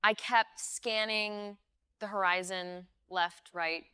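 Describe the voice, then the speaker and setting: Brief: woman storyteller, slow and dramatic, bright and very clear voice. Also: medium pitch, fairly even intonation, no echo, clean studio sound. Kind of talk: scripted first-person story narration.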